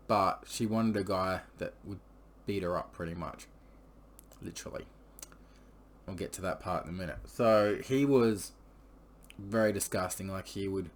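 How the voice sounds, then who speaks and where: A man, chatting casually to camera as a vlogger. He rambles and swears his way through a story, leaning on fillers. His voice sits a little low. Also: slight background noise. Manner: crude, profane and rambling, with many fillers.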